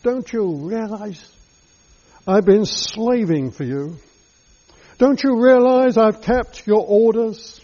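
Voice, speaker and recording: A man's voice: high-pitched, expressive, slow, warm tone, heavily acted. A man voicing a resentful grown elder son who bitterly repeats his accusations, in a dull lo-fi recording.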